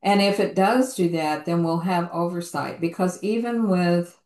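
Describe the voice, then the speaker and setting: A woman hosting an interview, speaking in a measured, thoughtful way with frequent hesitations. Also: lowish voice, a little mellow, reverberant. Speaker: interview host. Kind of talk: conversational interview.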